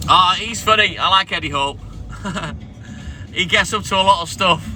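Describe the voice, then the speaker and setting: A man's voice: high-pitched, normal speed, pushed and bright. A man chatting casually and bantering with viewers on a live stream from his delivery van, swearing now and then. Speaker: milkman streamer. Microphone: phone live stream. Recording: music playing clearly behind.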